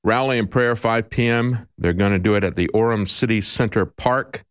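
A man's voice: on the low side, moderate pace, clean tone. A male talk show host giving emphatic, indignant commentary with sarcastic asides.

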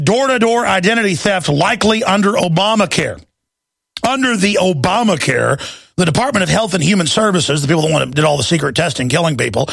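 A man's voice: fairly high pitch, vocal fry, a bit bright, breathy edge, dry recording. A man hosting a talk show, ranting furiously and hurling insults. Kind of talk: angry talk show rant.

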